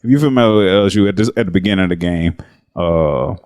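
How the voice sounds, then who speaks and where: A man with a fairly low voice co-hosts a casual sports podcast. He talks in a relaxed way, spins stories and laughs often. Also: quick pace, clear, resonant tone. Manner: laid-back, storytelling, laughs often. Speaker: podcast co-host.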